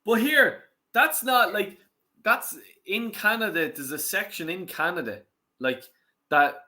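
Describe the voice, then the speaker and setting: An Irish man hosts a casual football watch-along, his voice bright and forward. He gets excitable with the game and swears loudly at the players. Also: high-pitched, unhurried.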